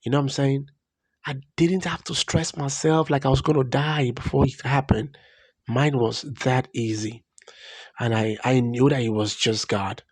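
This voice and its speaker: A man's voice: mid-range voice, fairly even intonation, normal speed, no room sound. A young man, earnestly telling a personal story in a vlog. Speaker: vlogger.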